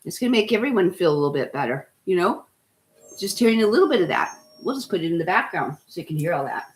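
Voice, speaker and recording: A woman's voice: lowish voice, big pitch swings, fast talker. A middle-aged woman hosting a casual wellness talk, chatty and enthusiastic, rambling with lots of "you know" and "right?". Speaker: host.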